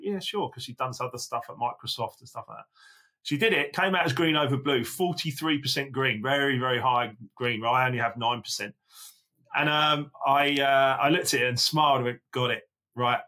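Bright, husky-voiced man telling stories. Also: a little high. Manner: animated, quick anecdotes with self-quotes. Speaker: podcast guest. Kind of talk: casual conversational storytelling.

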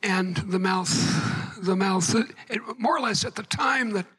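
A man giving a public lecture to an audience, halting and repeating words, with wry asides. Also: high-pitched, fairly bright tone, husky, rough recording.

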